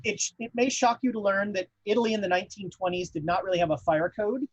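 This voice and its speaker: Husky-voiced man running a tabletop game. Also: sits high, steady tone, quick pace, dry recording, lo-fi sound. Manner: rambling narration with many fillers. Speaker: game master. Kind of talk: narrating a tabletop horror game.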